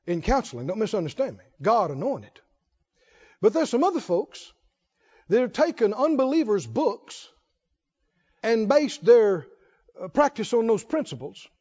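A man with a very high voice preaches to his congregation, his pitch swinging widely as he stresses each point. He stretches key words out slowly and fires questions at the listeners. The recording sounds dull and lo-fi. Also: darkish tone. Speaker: pastor. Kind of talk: sermon. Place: church before a congregation.

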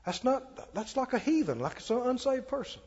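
Folksy preacher in an echoey hall. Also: male voice, very high voice, sing-song, normal speed, a little mellow, husky. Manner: folksy, conversational preaching with asides. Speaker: pastor. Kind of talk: sermon. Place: church sanctuary. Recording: dull-toned, echoey church hall.

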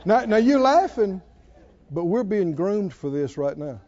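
A man preaching a sermon in a playful, chuckling way that builds to shouted calls to the congregation. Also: high-pitched, sing-song, unhurried, dull audio, slight background noise.

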